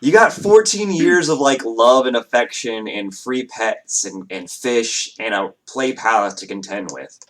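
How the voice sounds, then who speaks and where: A man running a tabletop game as game master, describing the scene in a casual, halting way. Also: mid-range voice, expressive, fairly bright tone. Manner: casual, halting, many fillers.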